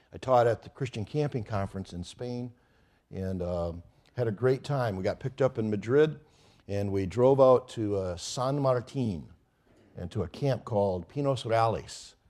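A middle-aged man, a pastor, preaching a sermon and telling a story with growing excitement. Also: fairly low pitch, normal speed. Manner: storytelling, animated with rising excitement.

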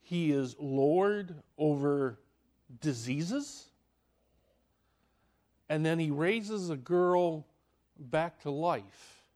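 A high-voiced man preaching a sermon at an unhurried pace. He is dramatic, swinging from loud, emphatic lines down to near-hushed ones. He keeps asking the listeners questions.

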